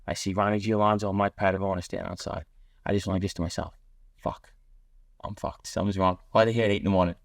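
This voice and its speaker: Flat and creaky, this low voice belongs to a podcast guest rattling off blunt street stories and voicing others in quotes. There's no room sound at all.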